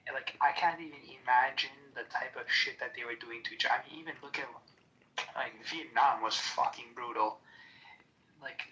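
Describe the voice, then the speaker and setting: Heated man with a bright voice. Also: medium pitch, a little fast, highs cut off, slight background noise. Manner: heated, swearing, lots of fillers. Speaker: podcast panelist. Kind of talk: casual chat.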